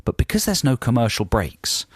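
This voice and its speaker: A man co-hosting a radio show, rambling through wry, deadpan jokes. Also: mid-range voice, normal speed, husky, dry recording, studio quality. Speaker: radio co-host. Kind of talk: comic radio banter. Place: radio studio. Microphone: studio microphone.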